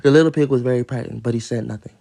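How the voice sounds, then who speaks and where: A man's voice: medium pitch, rapid-fire, creaky, mellow. A man on a casual phone livestream reading a children's story at home, breaking off into rambling, profane asides and laughter. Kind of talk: casual livestream read-aloud with commentary. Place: at home, moving from outdoors to his room.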